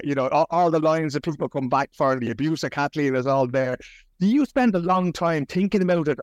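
A man's voice: on the high side, dry recording. A man interviewing a guest, asking friendly conversational questions. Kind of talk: casual interview chat.

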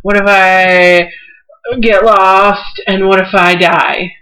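A woman's voice: mid-range voice, level tone, slow, bright, forceful tone, rough recording. A young woman in casual chat, anxious and wry, making fun of her own worries. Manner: anxious, wry, self-deprecating.

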